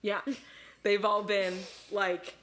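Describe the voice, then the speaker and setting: A woman co-host talks loosely after a few drinks, her voice sitting at an ordinary middle pitch. She rambles through her story, stacking fillers and breaking into laughing asides. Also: flat delivery, very slow, fairly bright tone, slight background noise. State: a little drunk. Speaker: podcast co-host. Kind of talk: casual chat retelling a story.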